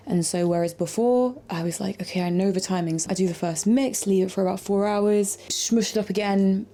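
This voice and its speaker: Chatty woman, gravelly voice. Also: medium pitch, moderate pace. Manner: chatty and rambling, with quiet asides. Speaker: vlogger. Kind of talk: casual chat. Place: home kitchen.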